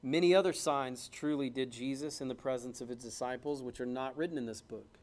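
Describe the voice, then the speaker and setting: A man preaching a sermon at a church service, quoting scripture in old King James wording and swinging between loud, fast exclamation and low, hushed emphasis.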